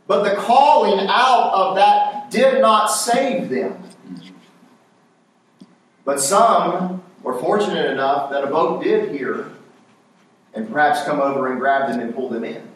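A man's voice: sits high, slow. A man preaching a sermon in church, posing questions for the congregation to answer back. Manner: call-and-response questions to the congregation. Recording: very echoey church hall, voice from far off.

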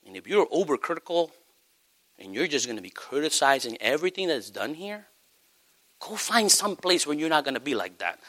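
A man preaching a sermon as pastor, emphatic, swinging between shouts and soft asides. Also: a little high.

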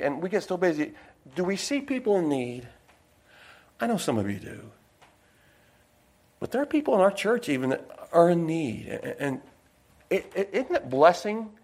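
A man with a high voice preaching a folksy sermon. He wanders into personal stories and slows his delivery down to drive each point home. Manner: folksy, digressive, with personal anecdotes.

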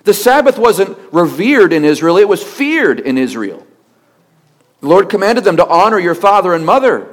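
A male pastor preaching a sermon with emphatic delivery, rhetorical questions and steady repetition. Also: high voice, moderate pace.

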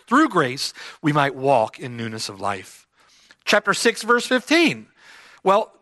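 A man's voice: high voice, sharp tone, no echo. A man preaching an expository sermon, emphatic and repeating key phrases for stress. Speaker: pastor.

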